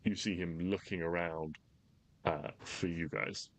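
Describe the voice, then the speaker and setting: Deep-voiced man running a tabletop game. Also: steady tone, unhurried, dry recording. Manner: easygoing, loose narration with fillers. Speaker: game master.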